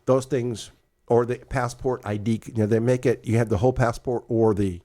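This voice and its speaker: Retired man telling a lively story. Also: medium pitch, moderate pace. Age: older. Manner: animated, acts out dialogue in storytelling. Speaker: podcast co-host. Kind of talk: casual storytelling chat.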